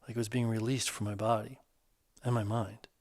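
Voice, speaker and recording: An earnest, hurting divorced man, voiced by a male narrator, talking casually and haltingly about his pain. His voice is on the low side, recorded close and dry. The speech is candid and unpolished. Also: flat delivery, a little mellow, dry recording, lightly acted.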